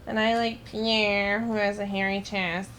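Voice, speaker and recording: A woman's voice: medium pitch, level tone, a little slow, a bit bright, slight background noise. A young woman giving casual, blunt gameplay commentary, swearing and mocking the game. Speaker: gaming streamer.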